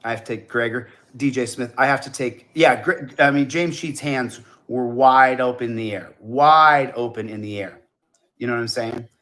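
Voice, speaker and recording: A man delivers a meandering monologue, circling back to the same phrases and tripping over his words. His voice sits at a middling pitch. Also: moderate pace, fairly bright tone. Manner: rambling, repetitive, stumbles over words. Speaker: online video talker. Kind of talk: rambling monologue.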